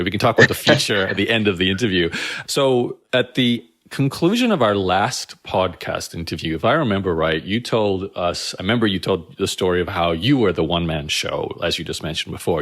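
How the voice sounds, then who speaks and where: A man's voice: sits low, a bit bright. A middle-aged man hosting a casual podcast interview, asking long rambling questions and correcting himself as he goes. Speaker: podcast host.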